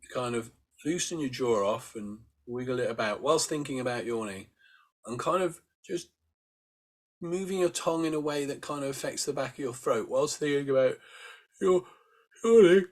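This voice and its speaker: A soft-spoken man leading a relaxation class at an easy, unhurried pace. His voice sits in an ordinary middle pitch as he gently coaches breathing, stopping now and then to yawn or sigh as a demonstration. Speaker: meditation teacher. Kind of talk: guided breathing instruction.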